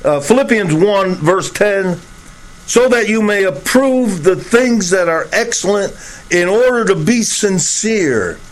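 A man's voice: sits high, expressive, slow, poor audio. A man preaching a sermon, with emphatic, repetitive phrasing and occasional chuckles.

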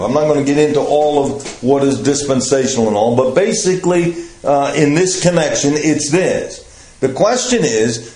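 An older man teaching a Bible class, explaining passages in a slow, measured way. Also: fairly high pitch, a little mellow. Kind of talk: Bible study lecture. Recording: echoey room.

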